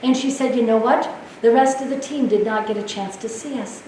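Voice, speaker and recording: Woman, nurse speaker, high voice, lively storytelling, laughing, echoey hall, distant mic. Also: fairly quick, slight background noise. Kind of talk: storytelling keynote talk.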